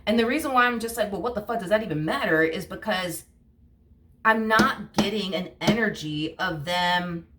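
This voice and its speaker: A woman's voice: medium pitch, moderate pace, distant mic, noisy background. A woman giving a tarot reading, ranting heatedly and swearing often as she gets worked up. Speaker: tarot reader. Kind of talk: casual tarot reading monologue.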